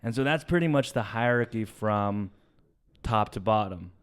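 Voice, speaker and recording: A young adult man co-hosting a comedy podcast, telling a family story in casual chat, swearing often and trailing off softly. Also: lowish voice, lively intonation, moderate pace, clean tone. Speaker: podcast co-host.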